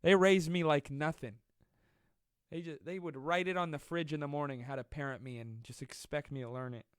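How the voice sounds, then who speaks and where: A man's voice: fairly high pitch, fairly even intonation, brisk, clean tone, no echo. A man hosting a casual comedic live stream from home, joking and self-mocking as he rambles between stories and reading comments. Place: at home during quarantine. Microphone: close desk mic.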